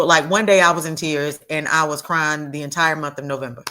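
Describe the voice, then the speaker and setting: A woman telling a heartfelt personal story as a guest, earnest and halting, often restarting and repeating words. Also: low-pitched, steady tone, pushed and bright. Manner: acts out quoted voices of others in her story.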